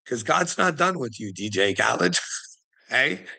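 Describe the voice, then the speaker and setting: A man's voice: mid-range voice, sing-song, measured pace, gravelly, pushed and bright, breathy edge, low-quality recording. A man talking in a rambling, sardonic monologue, laughing often and swearing as he goes. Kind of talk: casual conspiracy commentary monologue.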